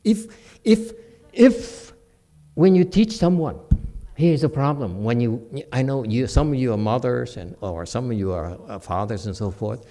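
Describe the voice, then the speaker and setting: A man of medium pitch teaches Buddhism conversationally in a temple hall, his pace a little slow. He's animated throughout, breaking off to chuckle with his listeners.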